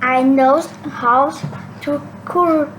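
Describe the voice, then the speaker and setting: A woman doing shadowing practice, slowly and haltingly repeating cartoon lines with small slips. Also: high voice, steady tone, lo-fi sound. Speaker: English learner. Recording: noisy home recording.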